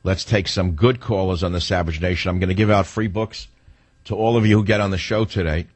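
A man's voice: deep voice, fairly even intonation, fairly quick, slightly rough, no room sound. A man hosting a political talk radio show, blunt and opinionated, rambling with restarts as he takes callers. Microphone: studio microphone.

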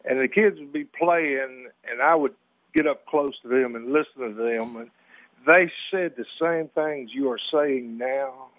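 A man's voice: medium pitch, measured pace, no echo. Earnest Alabama man on a phone line. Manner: earnest, grateful. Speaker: caller. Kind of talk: call-in radio conversation. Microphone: telephone.

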